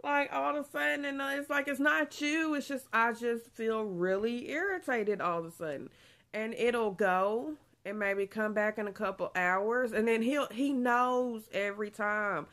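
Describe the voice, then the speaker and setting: A woman's voice: fairly high pitch, measured pace, fairly bright tone. A young woman, chatting casually in a pregnancy vlog, a bit out of breath, laughing often. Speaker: vlogger.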